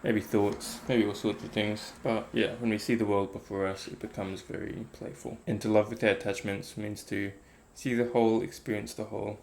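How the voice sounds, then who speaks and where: A low-voiced man with a gravelly edge talks in a flat, even tone. He muses aloud in a relaxed, reflective way, wandering through his thoughts with plenty of fillers. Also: moderate pace, few pauses, slight background noise. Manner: rambling, thinking aloud with many fillers. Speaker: meditation vlogger. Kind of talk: casual reflective talk.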